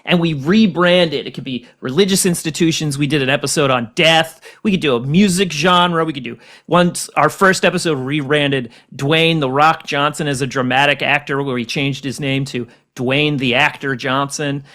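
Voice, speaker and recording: A man's voice: a little high, normal speed, few pauses, bright, forceful tone. Jokey rambling podcast host guy. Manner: jokey, rambling, self-mocking. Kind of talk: casual comedic podcast chat.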